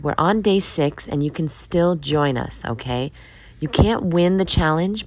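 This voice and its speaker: A woman hosting a solo podcast, her voice deeper than usual because she has just woken up, talking in an upbeat, encouraging way and often checking in with "okay?". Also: darkish tone. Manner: upbeat and encouraging, repeats "okay?" and "all right?". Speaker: podcast host. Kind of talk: casual solo podcast monologue.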